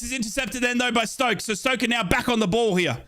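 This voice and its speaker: A young Australian man giving chatty, excitable live play-by-play of a football match as a fan commentator, with playful asides. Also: very high voice, fairly quick, hardly any pauses.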